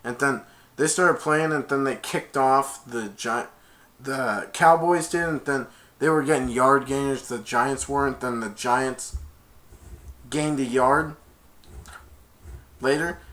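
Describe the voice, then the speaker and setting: A man reviewing a movie, rambling through the plot with frequent restarts and bursts into loud acted-out quotes. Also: mid-range voice, takes it slowly, long pauses.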